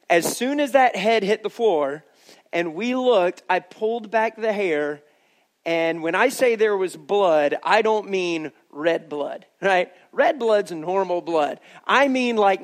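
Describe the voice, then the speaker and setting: A male pastor giving a sermon, telling a story in a conversational way and speaking straight to his congregation. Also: high-pitched.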